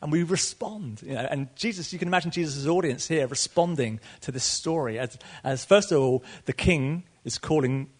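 A middle-aged male preacher delivers a sermon with a slightly high-set voice. He tells the story with energy, breaking off for chuckles and asides to the congregation. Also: moderate pace, few pauses, slightly rough.

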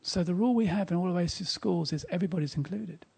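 A man delivers a sermon in a gravelly, husky voice, pitched a little high for a man. His tone is mellow and dark. He tells his story with emphasis and turns hushed at tender moments. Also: fast talker. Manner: emphatic, storytelling, drops to a whisper in quiet moments. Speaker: speaker at a church service.

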